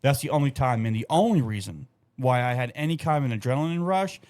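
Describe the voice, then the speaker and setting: A young adult man co-hosts a casual podcast, telling stories in a loose, profane way. His medium-pitched voice is expressive, a little mellow, and he talks fast.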